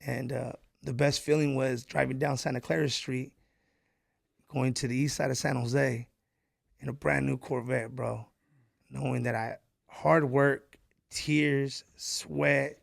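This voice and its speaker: A man's voice: mid-range voice, fairly even intonation, slow, gravelly, no echo, studio quality. A man from Mexico, a podcast guest, telling stories casually with plenty of swearing and "bro". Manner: profane, emphatic, says "bro" often. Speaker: entrepreneur guest.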